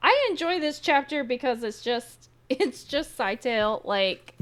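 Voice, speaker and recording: A woman's voice: sits high, animated, measured pace, a bit bright. A woman co-hosting a podcast in casual book chat, enthusiastic and laughing often as she goes off on tangents. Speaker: podcast co-host.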